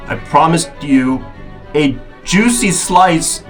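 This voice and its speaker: Sheepish man yelling back in a comic skit. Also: on the high side, expressive, slow, faint music behind. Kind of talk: comedic phone-call skit.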